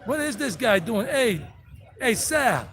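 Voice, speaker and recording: A man putting on a loud, mocking Brooklyn tough-guy voice. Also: very high-pitched, sing-song, takes it slowly, faint music behind, pitched above the performer's own voice, full character voice. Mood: mocking bravado. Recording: outdoor street noise.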